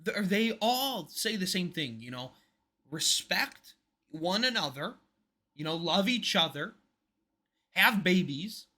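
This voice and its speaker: A man's voice: sits high, sing-song, takes it slowly, pauses often, bright, forceful tone. A man co-hosting a podcast, talking in casual opinionated chat. He is emphatic and rambling, and his voice drops to a mutter at the ends of his points. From United States. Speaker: podcast co-host.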